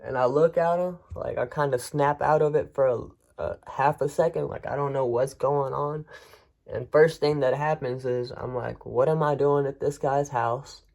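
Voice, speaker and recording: Gravelly man telling his story. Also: medium pitch, fairly even intonation, moderate pace, darkish tone, muffled recording. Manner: frank, rambling, with frequent restarts. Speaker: vlogger. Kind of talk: casual first-person storytelling.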